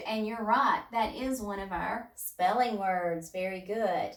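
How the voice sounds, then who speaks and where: A woman teacher leading a children's phonics lesson, drilling sounds one at a time in a slow, patient way. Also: medium pitch, echoey room, distant mic. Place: home room, distance learning.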